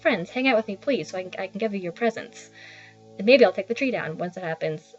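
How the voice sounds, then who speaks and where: A woman's voice: medium pitch, animated, quick pace. A young woman casually narrating a tour of her small basement apartment, chatty and self-deprecating with rambling asides. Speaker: vlogger giving a home tour. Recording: slightly dull lo-fi sound with faint background music.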